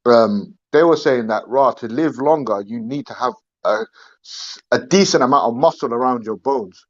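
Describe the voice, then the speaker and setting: A man's voice: medium pitch, moderate pace, dull audio. A man talking casually on a panel, often stopping and restarting. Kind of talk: casual chat.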